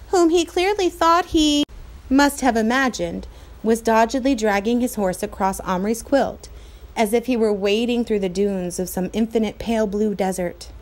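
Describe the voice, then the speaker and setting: A woman reading a children's novel aloud in a clear, expressive storytelling manner. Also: medium pitch. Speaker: reader.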